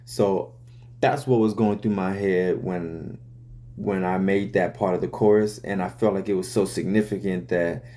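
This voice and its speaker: A man's voice: sits low, steady tone, measured pace, mellow. A man, a rapper, casually explaining the story behind his song's lyrics in loose, profane talk full of fillers.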